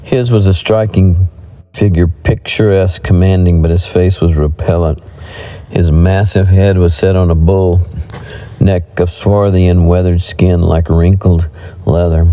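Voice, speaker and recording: Man reading a western audiobook, very dark and mellow, deep voice, measured. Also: fairly even intonation, rough recording. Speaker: audiobook narrator.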